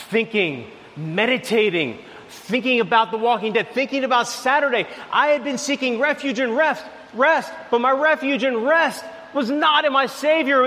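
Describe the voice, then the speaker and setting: A man preaching a sermon, telling a lively everyday story, then dropping to soft, low lines. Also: in a large hall. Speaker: pastor.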